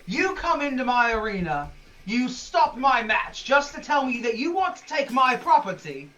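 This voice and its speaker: Guy doing a mocking arena boss, gruff, bright voice, tabletop game. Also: very high voice, big pitch swings, moderate pace, voice pushed up, exaggerated voice, poor audio. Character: brash male arena boss, greedy and mocking.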